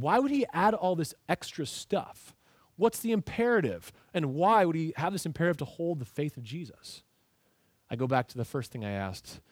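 A man's voice: a little high, no echo. A man preaching a sermon as pastor, teaching through a text with emphatic rhetorical questions.

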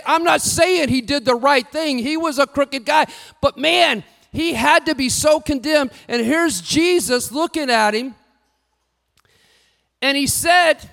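A man preaching a sermon with lively delivery, rising to shouts and acting out what the figures say. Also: extremely high pitch, a little slow, vocal fry. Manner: animated, shouting at peaks, acting out quotes. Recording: long hall reverb.

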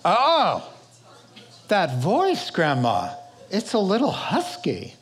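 A man's voice: wildly swooping pitch, takes it slowly, soft background music, heavily acted. Man putting on a gullible wide-eyed little girl. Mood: naive. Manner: breathless, naive, high-pitched.

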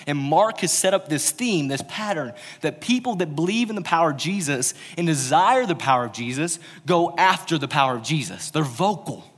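A man's voice: a little high, expressive, moderate pace, few pauses, a bit bright. Casual preacher man in a reverberant hall. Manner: informal, storytelling, humorous asides. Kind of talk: casual conversational sermon. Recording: long reverb of a large hall.

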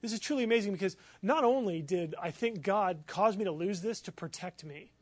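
A man preaching as a pastor, telling a personal story in an animated, excitable way with many fillers. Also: sits high, brisk, no room sound. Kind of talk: sermon storytelling.

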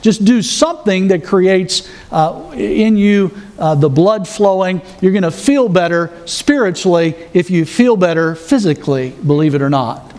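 A man's voice: high voice, expressive, a little slow, few pauses, a little mellow. A man preaching a sermon, walking the congregation through numbered points with earnest rhetorical questions. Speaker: pastor.

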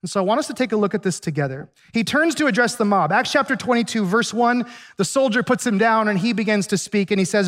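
A male pastor giving a sermon, retelling a Bible story in a conversational, animated way with acted asides. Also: high voice, quick pace.

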